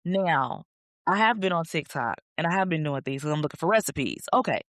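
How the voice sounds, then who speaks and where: A woman's voice: sits low, expressive, fairly quick, fairly bright tone, no room sound, clean studio sound. A woman hosting a faith podcast, chatting casually and animatedly, acting out her own thoughts as she tells stories. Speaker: podcast host.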